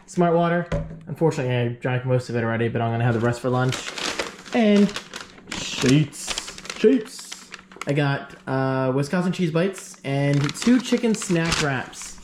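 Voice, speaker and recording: A man's voice: medium pitch, a little hiss or hum. A man talking casually to camera as a vlogger, rambling and joking about his day. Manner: rambling, chatty, self-joking. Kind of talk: casual vlog chat.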